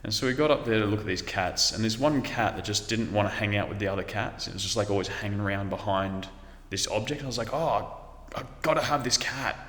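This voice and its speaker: Australian man, rambling casual storyteller, fairly low voice, echoey reverberant room. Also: fast talker, a bit bright. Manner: rambling, laid-back, drifts off topic.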